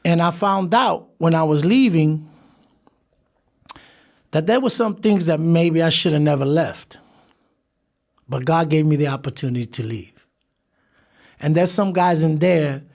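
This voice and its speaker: A man as a podcast guest, telling his life story in an animated way, laughing and acting out the people he quotes. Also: a little high, unhurried, creaky, long pauses. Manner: animated, laughs through stories, acts out quoted voices. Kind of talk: storytelling interview.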